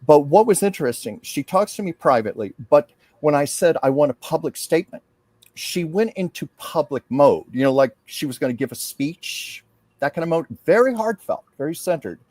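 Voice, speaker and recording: A man's voice: a little high, sing-song, a little mellow, no room sound. Earnest man, dry close sound. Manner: earnest, heartfelt, slows down to read aloud. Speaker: psychic medium and host. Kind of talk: casual talk, reading out a channeled message.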